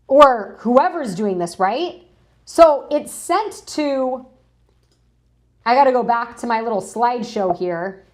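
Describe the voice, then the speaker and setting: A woman's voice: on the high side, lively intonation, takes it slowly. A woman hosting a live news stream, chatting casually and greeting viewers in chat as she talks through documents. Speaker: livestream news host.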